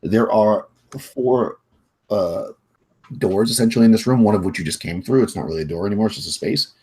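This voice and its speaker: A man running a tabletop game as game master, describing rooms in a halting way with many fillers. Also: lowish voice, mellow, slightly rough.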